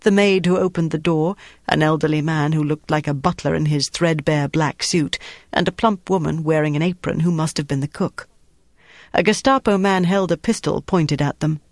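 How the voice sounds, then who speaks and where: A man reading a thriller novel aloud in measured, even scripted narration, close to the mic. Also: fairly high pitch, no room sound. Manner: measured, even storytelling delivery. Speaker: audiobook narrator.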